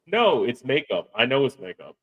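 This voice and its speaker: A man's voice: mid-range voice, very animated, moderate pace, phone-quality sound. Teasing man co-hosting a podcast. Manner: teasing, playfully correcting his friend. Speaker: podcast co-host. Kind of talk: crude comedic podcast banter.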